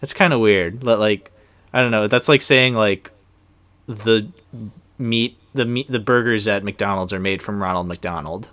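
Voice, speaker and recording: A man's voice: lowish voice, a little slow, fairly bright tone, dry recording. A young man co-hosting a casual movie commentary, talking in a loose, rambling way with lots of fillers. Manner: rambling, loose, with many fillers and trailing sentences.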